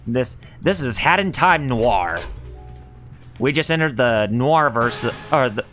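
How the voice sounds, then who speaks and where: A man streaming a video game, giving chatty, animated commentary full of reactions and jokes. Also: mid-range voice, slow, soft background music. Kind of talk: casual let's-play commentary.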